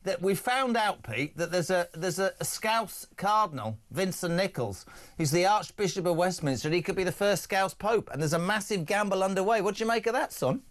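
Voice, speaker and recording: A man hosting a live talk radio show, reading listener messages aloud in a brisk, jokey way. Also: high-pitched, expressive.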